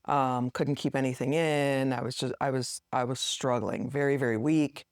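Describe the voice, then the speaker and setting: Middle-aged woman, podcast guest, expressive storyteller, mid pitch, dry close sound. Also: moderate pace, no echo. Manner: animated, acts out quotes with rising pitch. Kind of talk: casual storytelling interview.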